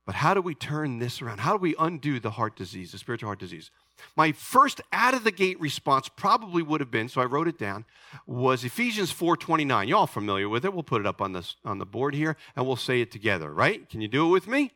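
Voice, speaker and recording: A man's voice: medium pitch, a little fast, no room sound. A middle-aged man preaching a sermon as pastor, calling out to his congregation and asking for an amen. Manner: animated preaching, calls to the congregation. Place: church sanctuary.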